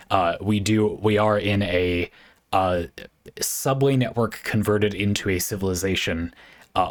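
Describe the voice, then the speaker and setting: A man hosting his channel, musing in a rambling casual way with many fillers and restarts as he thinks aloud. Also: low voice. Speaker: channel host. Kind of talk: casual commentary on game design.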